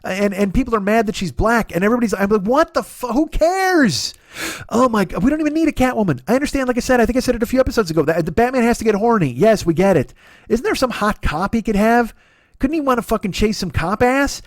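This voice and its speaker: Ranting man with a fairly high voice. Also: animated, fast, dry recording, clean studio sound. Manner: ranting, stammering restarts, sarcastic. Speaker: comedy podcast host. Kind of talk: profane comedic rant.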